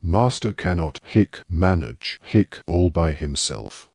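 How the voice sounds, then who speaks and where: Drunk female house elf, hiccuping and slurred, as a deep-voiced man reads her, storybook. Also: slow pace, a little mellow, breathy edge, no room sound, full character voice. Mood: drunk sulky.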